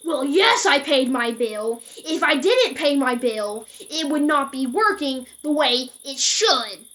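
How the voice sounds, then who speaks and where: A woman voicing a snappy, threatening adult male phone caller who switches between sharp outbursts and eerie calm. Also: mid-range voice, fast talker, lightly acted. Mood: snapping.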